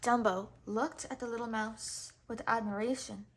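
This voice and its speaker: A woman's voice: a little high, steady tone, normal speed, slightly rough. Woman reading a children's storybook aloud. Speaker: storybook reader.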